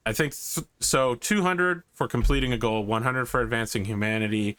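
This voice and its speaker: A man's voice: mid-range voice, brisk, a bit bright. A man running a tabletop game as game master, describing scenes loosely with many fillers.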